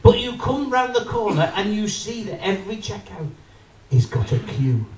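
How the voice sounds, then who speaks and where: Stand-up guy, high lively voice, bit far off the mic. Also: normal speed. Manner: animated, addresses the audience, acts out voices. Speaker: stand-up comedian. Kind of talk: stand-up routine. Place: live comedy venue with audience. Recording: roomy live venue, mic from a distance.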